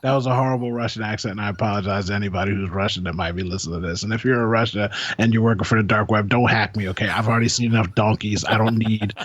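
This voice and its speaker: A man's voice: fairly low pitch, fairly even intonation, racing, few pauses, no room sound, dull audio. A man co-hosting a podcast in casual chat, joking and rambling with a sarcastic edge. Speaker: podcast co-host.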